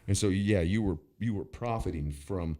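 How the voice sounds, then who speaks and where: Very deep-voiced blunt, profane man. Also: normal speed. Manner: blunt and profane, with frequent restarts; animated and heated when angry. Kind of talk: casual storytelling chat.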